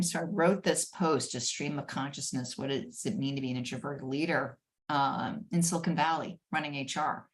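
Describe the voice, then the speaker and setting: Animated low-voiced woman telling stories. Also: normal speed. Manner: animated, laughing storyteller. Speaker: guest, former head of HR. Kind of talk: conversational storytelling interview.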